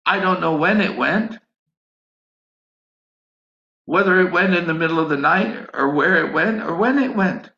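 A man's voice: fairly high pitch, a little slow, vocal fry, long pauses, bright, forceful tone. A man preaching a sermon, telling a personal story and acting out his own prayers. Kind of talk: sermon testimony. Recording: echoey, dull lo-fi sound.

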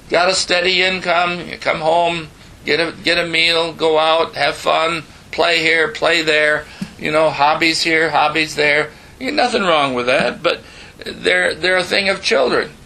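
A man's voice: on the high side, vocal fry, pushed and bright, rough recording. An older man preaching a folksy sermon, often repeating and restarting his words.

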